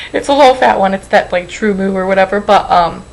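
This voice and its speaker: A young woman with a creaky, mid-range voice speaks at normal speed on a low-quality recording. Vlogging at home into a webcam about weight loss, she is tearful and anxious, rambling and apologizing in an emotional vlog.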